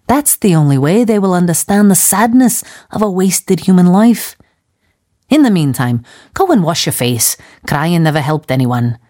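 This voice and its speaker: Narrator voices a stern seventy-something missionary woman, unhurried, matter-of-fact lectures. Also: fairly low pitch, a little mellow, close to an everyday voice. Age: 70s. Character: gruff old missionary woman, calm and stern.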